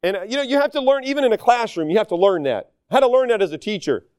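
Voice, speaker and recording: A man preaching with a lively, swooping delivery, mocking himself as he tells his stories. His voice sits high and sounds smooth and resonant. The recording is close and dry. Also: very fast, no echo. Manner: animated, self-deprecating, storytelling. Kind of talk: sermon.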